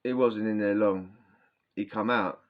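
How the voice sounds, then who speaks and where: A man's voice: lowish voice, steady tone, a little slow. A man telling prison stories in a rambling, slangy way, often restarting his sentences, with a sore throat. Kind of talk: casual storytelling. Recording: dull lo-fi sound.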